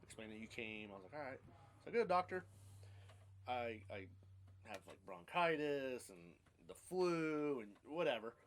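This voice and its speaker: A man's voice: medium pitch, sing-song, normal speed. A man in his thirties casually telling his life story on a podcast, rambling and blunt, with casual swearing.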